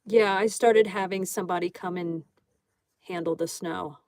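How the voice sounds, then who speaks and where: A woman's voice: lowish voice, steady tone, moderate pace, a little mellow, no echo, studio quality. A woman hosting a casual livestream, chatting and greeting viewers by name while she draws. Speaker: livestream host. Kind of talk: casual chat reading viewer comments aloud.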